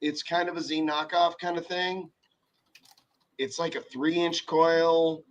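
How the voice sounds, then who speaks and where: A man's voice: fairly high pitch, slow pace, muffled recording. A man hosting a casual podcast chat, telling stories in a profane, rambling way. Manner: profane, rambling, animated storytelling. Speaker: podcast host, car audio shop owner.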